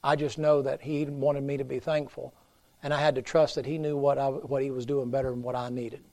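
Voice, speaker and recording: Gravelly revival preacher. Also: male voice, mid-range voice, flat delivery, brisk. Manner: folksy, storytelling preacher, swings from loud to hushed. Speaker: pastor. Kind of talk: revival sermon.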